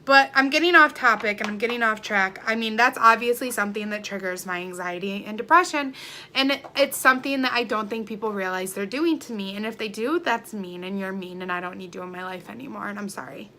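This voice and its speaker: A young adult woman vlogging an emotional rant, heated and defiant, swinging between quiet hurt and loud anger. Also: mid-range voice, a little fast, slight background noise.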